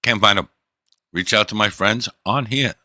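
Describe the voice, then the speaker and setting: A man's voice: lowish voice, moderate pace, pushed and bright, no room sound. A man livestreaming, telling a long rambling story to his chat in loose, profane casual talk.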